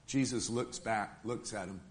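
A man's voice: fairly low pitch, measured pace. A man preaching an emphatic sermon in a church, repeatedly calling out to the congregation for amens.

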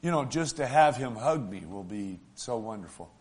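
A man preaching a sermon, talking in a folksy way to the congregation and swinging between loud, stretched-out lines and soft, hushed ones. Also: medium pitch, expressive, normal speed. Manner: emotional, swells loud then drops soft; folksy, asks the congregation "right?".

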